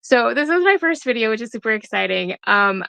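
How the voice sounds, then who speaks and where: A woman co-hosting a casual podcast conversation, listening with soft affirming murmurs and reflecting on what she heard. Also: a little high, animated, fairly quick, creaky, clear, resonant tone, no echo.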